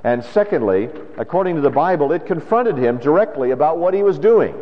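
A male pastor with a fairly high, sing-song voice preaches at a fairly quick pace in a conversational style, posing rhetorical questions. The church recording is dull and lo-fi, with long hall reverb.

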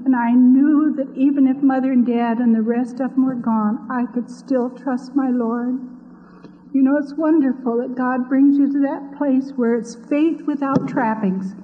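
A woman from Iowa gives an earnest, devout personal testimony, telling her story. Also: sits high. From Iowa, USA. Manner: earnest, devout, speaks openly of her faith. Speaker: speaker giving a personal testimony. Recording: tinny lo-fi audio with long hall reverb.

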